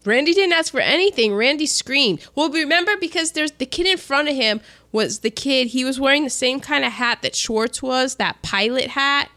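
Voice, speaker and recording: Lively high-voiced woman chatting. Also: normal speed, hardly any pauses. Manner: animated, acts out scenes in voices. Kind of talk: casual chat recapping a film.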